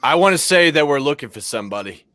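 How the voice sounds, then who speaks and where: A man's voice: fairly high pitch, very animated, quick pace, sharp tone, dry recording, clean studio sound. Brash man playing a tabletop game. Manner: brash, profane in-character banter. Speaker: player. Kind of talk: tabletop role-play.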